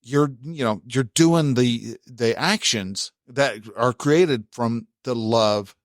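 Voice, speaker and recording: A man's voice: mid-range voice, slow, no echo, studio quality. A man talking casually as a relationship advice host, folksy and full of restarts, acting out what a spouse might say. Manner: conversational, many restarts, acts out quoted spouse lines.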